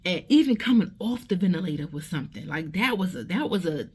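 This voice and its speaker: A woman's voice: on the low side, animated, quick pace, slightly rough. A middle-aged woman vlogger telling a personal story in a casual, conversational way, often checking in with "right?" and restarting her sentences. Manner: conversational, tag questions and restarts.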